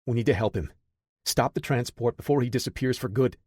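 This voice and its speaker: A man's voice: mid-range voice, a little fast, a little mellow, slightly rough, no room sound, studio quality, close to an everyday voice. A man voicing an earnest, driven young male programmer in an audiobook, talking with urgency. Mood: urgent.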